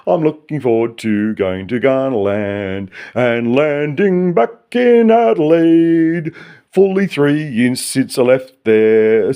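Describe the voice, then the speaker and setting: A man's voice: on the low side, mellow. Older Australian man rambling to camera. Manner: rambling, tangential, profane. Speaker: vlogger. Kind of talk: rambling solo monologue.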